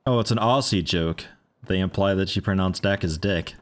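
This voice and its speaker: A man's voice: low-pitched, moderate pace. A man streaming a game, chatting casually and joking with his viewers in a rambling way. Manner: rambling, joking asides to chat. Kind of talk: casual gameplay commentary.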